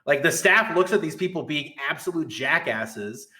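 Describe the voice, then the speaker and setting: A man's voice: a little high, expressive, normal speed, pushed and bright. A middle-aged man, a guest tournament administrator, ranting in a heated, profane and sarcastic way on a podcast.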